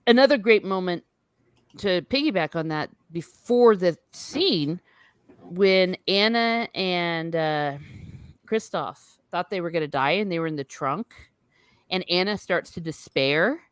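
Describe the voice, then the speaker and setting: A woman's voice: fairly low pitch, expressive, a little slow, smooth, no echo. A woman in casual chat, enthusiastically retelling favorite scenes in detail. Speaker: podcast co-host.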